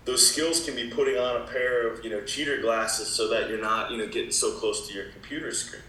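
A man talking as a wellness expert guest in a casual interview, with a relaxed, explaining manner full of "you know" fillers. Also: medium pitch, fairly quick, slight background noise. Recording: echoey room.

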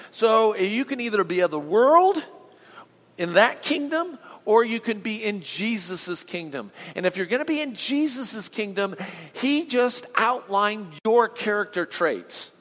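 High-voiced pastor preaching in a reverberant hall. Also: male voice, a bit bright. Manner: emphatic, calls on the congregation to respond. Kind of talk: sermon. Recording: long reverb of a large hall.

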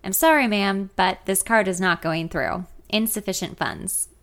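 A woman's voice: mid-range voice, measured pace, fairly bright tone. A woman voicing a polite, uncomfortable male gas station teller in a memoir reading, close to her own voice. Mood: apologetic.

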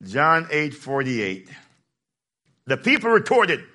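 A man preaching a sermon in a lively, plainspoken way, joking with his congregation and rising to shouts. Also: a little high, unhurried. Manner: plainspoken, casual phrasing. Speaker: pastor.

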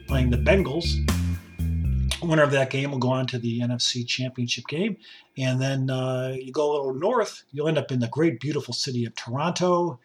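A man in his sixties, hoarse and raspy from a cough, hosting a rambling, jokey solo podcast from a basement home studio. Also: mid-range voice, moderate pace, over loud music. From upstate New York. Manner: rambling, jokey, with many fillers and asides. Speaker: podcast host.

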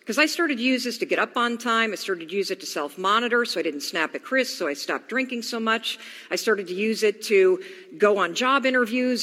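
Telling her personal story in a motivational talk, a woman in her 40s voices her inner dialogue aloud. Her voice is a little high and sharp, echoing with a long hall reverb.

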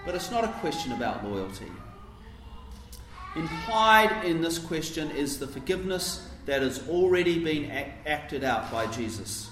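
A man delivering a sermon in an unhurried, reflective manner, pausing and dropping softly as he explains. His voice sits a little high for a man. The room rings with echo and a faint hum of ambience. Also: big pitch swings. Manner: reflective, explanatory, with soft dips and hesitations. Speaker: preacher.

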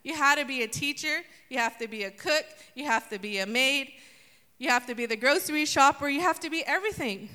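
High bright-voiced woman preaching in a hall. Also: brisk. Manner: animated, acts out voices of the story. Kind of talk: sermon with humor. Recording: long hall reverb.

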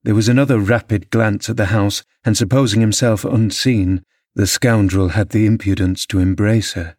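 A man narrating a classic novel as an audiobook, measured and expressive. His voice sits on the lower side and the close recording is completely dry. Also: no echo.

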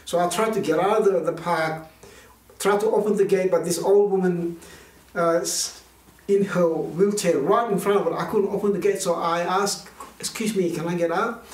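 A man's voice: sits high, fairly even intonation, normal speed, a little mellow. A male minister giving an earnest, conversational sermon and telling a personal story, with many restarts. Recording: roomy, voice distant from mic.

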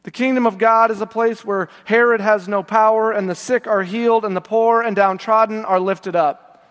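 A middle-aged male pastor preaching a sermon, reading scripture with feeling and slowing to a low, soft close at the end of phrases. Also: fairly even intonation. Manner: slows and drops low at phrase ends. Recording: long church reverb.

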